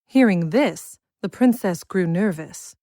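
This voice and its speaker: A woman reading a children's fantasy story aloud in a measured, expressive style. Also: fairly low pitch, no echo, studio quality. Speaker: narrator. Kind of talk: scripted audiobook narration.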